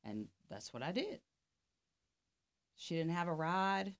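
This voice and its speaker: This podcast guest is a middle-aged life coach whose voice sits on the low side, moves slowly, and swings widely in pitch. Chatting casually, she recounts a story and plays both parties in the exchange.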